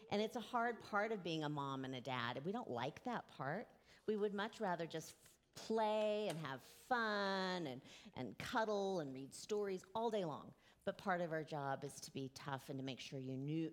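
A woman in her forties giving a children's sermon, gently asking the children questions and drawing them into the story. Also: fairly low pitch. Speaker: children's message leader.

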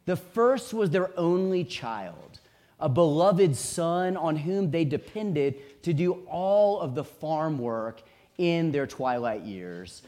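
A man preaching a sermon, telling a story in a measured, vivid way with dramatic pauses. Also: a little high, darkish tone. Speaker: pastor.

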